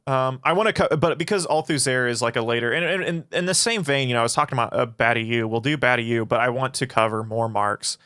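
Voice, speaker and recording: A man's voice: medium pitch, fast, few pauses, pushed and bright, no room sound, clean studio sound. A man casually answering chat questions on a livestream, swearing often and rambling through his answers. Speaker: philosophy channel streamer.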